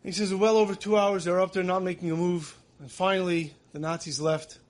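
A man's voice: sits high, little pitch movement, a little fast. A man giving a sermon, telling stories in an earnest way that builds emotion. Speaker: religious teacher.

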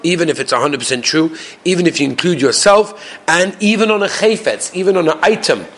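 Man, Torah lesson teacher, quick delivery, slightly high pitch, questions the class. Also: a little hiss or hum. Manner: animated, asks the class questions.

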